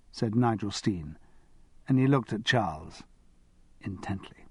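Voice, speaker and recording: A man narrating an audiobook in a wry, expressive manner. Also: fairly low pitch, a little slow, slightly rough, no room sound.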